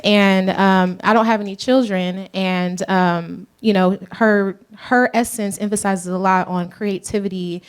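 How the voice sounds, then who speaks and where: A woman's voice: mid-range voice, fairly even intonation, a little slow, hardly any pauses, clean tone. Earnest Southern woman on a panel. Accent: light Southern US. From Georgia, US. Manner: earnest, reflective, addresses the room as y'all. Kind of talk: panel discussion. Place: live event room with audience.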